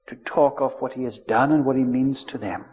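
A man preaching a sermon in a church, measured and solemn, drawing out his key words. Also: mid-range voice, darkish tone. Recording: dull lo-fi recording, long church reverb.

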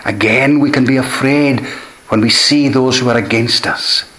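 A man's voice: medium pitch, steady tone, normal speed, bright, forceful tone. A man preaching a sermon, earnest and emphatic, often repeating key phrases for weight. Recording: echoey room.

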